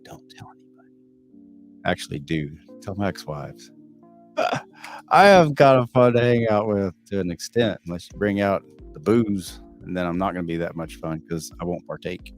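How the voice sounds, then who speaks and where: Deep-voiced Texan man chatting. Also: expressive, normal speed, faint music behind. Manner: candid, blunt and profane, answering viewers off the cuff. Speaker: livestream host reading chat. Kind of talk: casual live stream chat.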